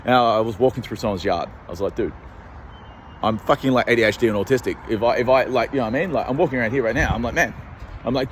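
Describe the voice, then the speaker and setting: A man's voice: mid-range voice, slight background noise. Rambling young Australian man, swearing nonstop. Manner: rambling, swears constantly, fast asides. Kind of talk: rambling walking vlog. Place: outdoors on city streets.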